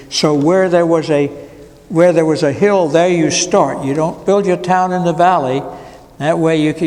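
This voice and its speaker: A man's voice: fairly high pitch, darkish tone. A man who is a pastor, teaching an adult Bible class in a conversational, digressive way with wry asides. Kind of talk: informal Bible class lecture. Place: church classroom. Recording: long reverb of a church room.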